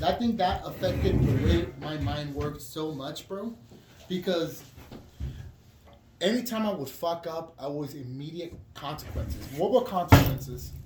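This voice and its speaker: A man's voice: a little high, unhurried. A man as a podcast guest, talking in a profane, rambling way with frequent restarts. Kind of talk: casual candid chat. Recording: roomy echo with background noise.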